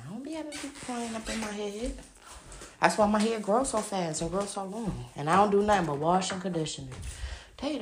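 A woman podcast host ranting casually to her listeners, loud and emphatic, swearing constantly and calling them y'all, talking into a phone as she walks around her house. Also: mid-range voice, slight background noise. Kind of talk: casual profane rant to listeners. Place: at home, walking around the house.

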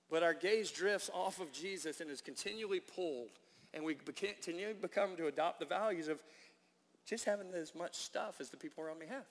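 Pastor, man, high voice; emphatic sermon delivery in a reverberant church. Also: fairly quick. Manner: prayerful and hushed in prayer, then animated and emphatic when preaching. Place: church sanctuary.

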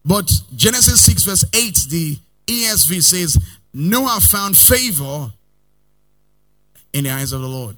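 A male pastor preaching a sermon, swinging between loud outbursts and quiet asides, sometimes in a sing-song cadence and calling on his listeners to repeat after him. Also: fairly high pitch, lively intonation, normal speed, hardly any pauses. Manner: calls the congregation to repeat lines after him.

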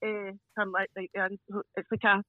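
A Scottish woman telling stories casually as a podcast guest, animated and laughing often as she acts out voices. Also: medium pitch, moderate pace, dry recording. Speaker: podcast guest, crime scene cleaner. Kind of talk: casual storytelling chat. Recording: dull lo-fi dry sound.

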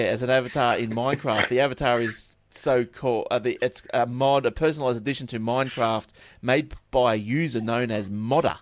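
An Australian man hosting a tech podcast, reading news stories with chatty, offhand asides and repeated words. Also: medium pitch. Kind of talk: casual chat and news reading.

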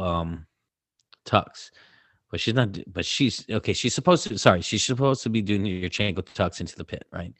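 A man co-hosting a casual coaching podcast, telling a story with lively, acted-out quotes. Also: low voice, dry recording. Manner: animated storyteller, acts out quotes loudly. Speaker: podcast co-host, gymnastics coach.

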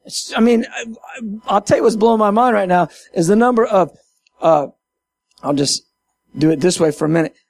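A man with a high voice and a gravelly edge speaks in a passionate, half-sermon way. He is emphatic and lively, and he drives his points home by repeating them. He sounds like a minister addressing his audience directly. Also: moderate pace, long pauses. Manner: emphatic and animated, repeats key phrases. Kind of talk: impassioned casual talk, half sermon.

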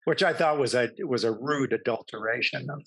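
Middle-aged guy telling showbiz stories, lively and amused, dry close sound. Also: mid-range voice, a little fast, husky, no echo. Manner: animated, self-amused anecdotes. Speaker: actor, podcast guest. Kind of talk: casual interview storytelling.

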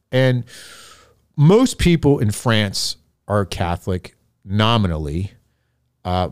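A man with a fairly low voice tells a story in a relaxed, unscripted way. He often pauses, restarts and fills gaps with "um" and "you know." The recording is dry and close, with no room sound. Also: no echo. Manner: storytelling with many fillers and restarts. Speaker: podcast host. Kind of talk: casual spiritual reflection.

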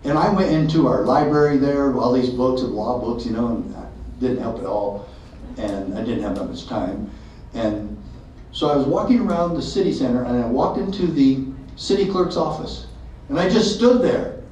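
A man's voice: mid-range voice, normal speed, slight background noise. Man telling a story in an echoey hall. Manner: animated, acts out dialogue. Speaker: speaker telling a story to an audience. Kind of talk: storytelling talk. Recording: echoey hall from far off, dull sound.

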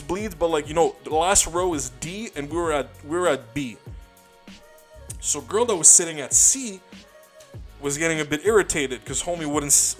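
A young man, a comedian, telling loose stories in a rambling, profane way, full of restarts and "dude". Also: a little high. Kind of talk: casual storytelling monologue.

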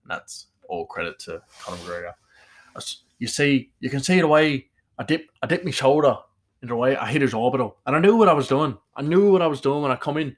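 A man doing a brash Irish fighter boasting after a win, with an Irish accent and cocky, repetitive, quick bragging. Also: mid-range voice, animated, pitched above the performer's own voice, close to an everyday voice. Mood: boastful. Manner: cocky, rapid boasting with repeated phrases.

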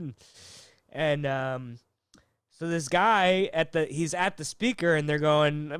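A comedian telling a rambling road story in casual chat, full of fillers and acted-out quotes. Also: male voice, on the high side, slow pace, fairly bright tone, clear, resonant tone, no echo, studio quality.

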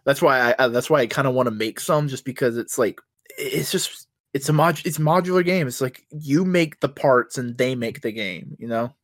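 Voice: mid-range voice, no room sound, clean studio sound. A podcast co-host in casual chat, talking bluntly and ranting with lots of swearing. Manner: blunt, profane, quick to rant.

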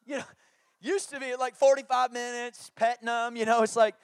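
A man's voice: very high-pitched, little pitch movement, moderate pace, clean tone, dry recording, clean studio sound. A man, preaching a sermon through jokey family stories and acted-out quotes. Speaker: pastor.

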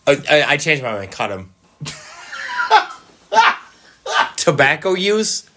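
A man co-hosting a casual sports podcast, playful and quick with asides, laughing often. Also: mid-range voice, heavy background noise. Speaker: podcast co-host.

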